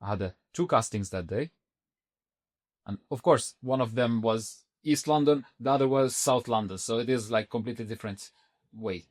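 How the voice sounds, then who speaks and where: A man of middle pitch telling his own story on a podcast. His delivery is animated and a little halting, with restarts mid-sentence and sudden jumps up in pitch when he acts out what people said. It sounds like casual talk. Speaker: podcast guest.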